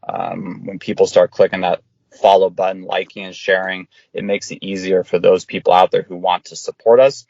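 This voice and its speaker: A man speaking as a guest in a remote interview, steady and plain, repeating himself as he goes. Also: low-pitched, normal speed, gravelly, no echo, muffled recording. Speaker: guest, mutual aid organizer.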